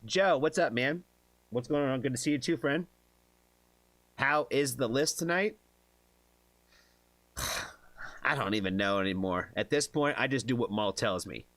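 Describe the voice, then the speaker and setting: Dude streamer hyping up chat, swears a lot, dry mic, mid voice. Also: male voice, medium pitch, measured pace, pauses often, no room sound. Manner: excitable, swears often, chats with viewers. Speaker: music reaction streamer host. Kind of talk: casual live stream chat.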